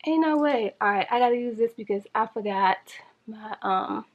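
A woman chatting to viewers in a casual makeup challenge vlog, flustered and rushing against a timer. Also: a little high, lo-fi sound. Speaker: beauty vlogger.

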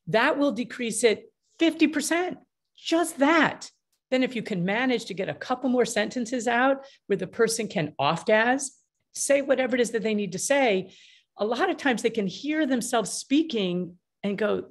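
A middle-aged woman, a mediator answering interview questions in an energetic, emphatic way and acting out the dialogue she quotes. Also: fairly high pitch, normal speed. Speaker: mediator and author.

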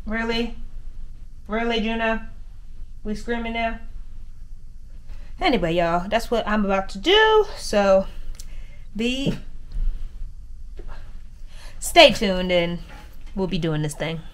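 Chatty woman vlogger with a lively voice. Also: a little high, takes it slowly, long pauses. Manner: chatty, talks to her dog and viewers, says "y'all". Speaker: vlogger grooming her dog. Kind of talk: casual chat to camera. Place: inside a converted bus.

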